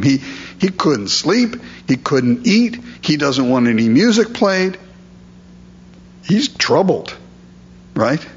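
A man preaching a sermon, reading scripture aloud and then explaining it in a relaxed, conversational way. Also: on the high side, breathy edge, muffled recording. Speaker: pastor.

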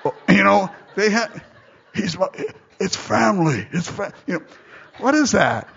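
A man's voice: high-pitched, very animated, a little slow, creaky, a bit bright, husky, dull audio. A man preaching a sermon, reading scripture aloud and breaking off into jokey, conversational asides.

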